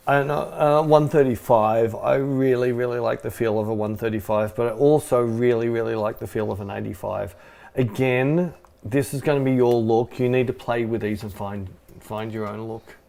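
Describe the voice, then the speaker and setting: A man, a photographer co-hosting a casual live-stream Q&A, giving relaxed, rambling advice with jokes. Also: medium pitch, normal speed, vocal fry. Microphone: mixer-fed microphone.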